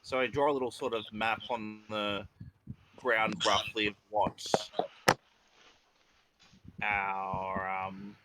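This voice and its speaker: A man's voice: fairly low pitch, little pitch movement, takes it slowly, pauses often, noisy background. A man playing a tabletop game over voice chat, hesitant and full of fillers. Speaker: player.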